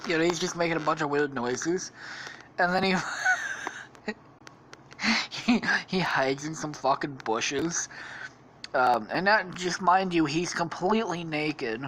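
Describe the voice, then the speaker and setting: A man's voice: fairly high pitch, slow, long pauses, fairly bright tone, slight background noise. A man hosting a podcast, rambling through an improvised comedy story with lots of swearing and laughter. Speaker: podcast host.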